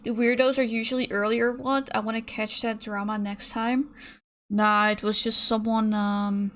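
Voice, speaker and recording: A woman's voice: fairly high pitch, little pitch movement, normal speed, fairly bright tone. A young woman chatting casually with her stream viewers while she paints, ranting in an exasperated way and reading out chat messages.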